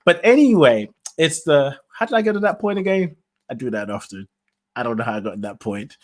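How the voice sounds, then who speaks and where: A man's voice: mid-range voice, big pitch swings, fairly quick. A man hosting his own podcast, giving a rambling spiritual talk, musing aloud, laughing often and losing his thread. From lives in the UK. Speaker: podcast host. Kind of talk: spiritual talk, casual monologue. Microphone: solo podcast mic, self-produced.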